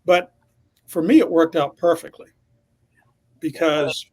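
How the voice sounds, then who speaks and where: Slow-paced and a little high, with a slightly mellow, breathy tone, a man in his sixties recalls an episode from his years as a TV reporter. He tells the anecdote as an interview guest, with confidence and emphasis.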